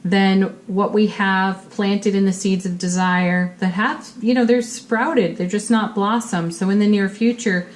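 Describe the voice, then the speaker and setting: A woman's voice: medium pitch, fairly even intonation, measured pace, hardly any pauses, a little hiss or hum. Upbeat woman giving a tarot reading. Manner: upbeat and encouraging, with spiritual phrasing. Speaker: tarot reader. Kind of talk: monthly tarot reading for viewers.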